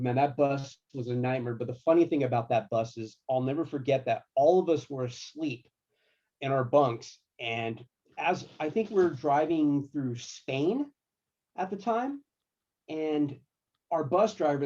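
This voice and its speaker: A man's voice: a little high, dull audio. Laid-back man telling road stories. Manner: animated, laid-back, slangy. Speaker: guitar tech guest. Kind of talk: casual storytelling.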